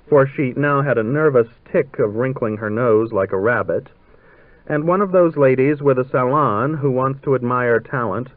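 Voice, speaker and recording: A man narrating a literary story in a measured, dryly ironic way, heard on a tinny old radio broadcast. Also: medium pitch, no room sound.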